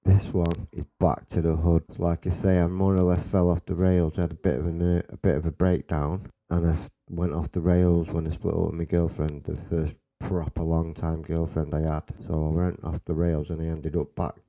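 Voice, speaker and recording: A man's voice: deep voice, flat delivery, moderate pace, hardly any pauses, dark tone, muffled recording. A man from Salford with a Manchester accent, hosting a podcast and telling a rambling, sweary personal story in a casual way. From Salford, England. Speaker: podcast host.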